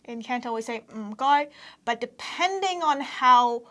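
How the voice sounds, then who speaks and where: Woman, host, slightly high voice, casual chat, explaining with examples. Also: lively intonation, measured pace, pushed and bright. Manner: chatty, explains language differences with examples.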